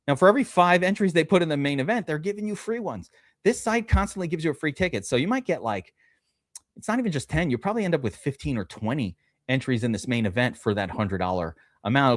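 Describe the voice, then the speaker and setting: A man's voice: a little high, dry recording, clean studio sound. A man hosting a live fantasy football draft stream, chatting loosely with viewers, reading out their names and swearing casually. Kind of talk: casual livestream chat.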